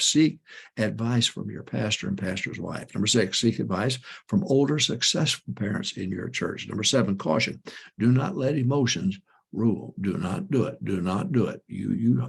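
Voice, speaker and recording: Gravelly older pastor giving emphatic advice. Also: male voice, on the low side. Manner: emphatic, repeats admonitions, folksy anecdotes. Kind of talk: folksy ministry advice talk.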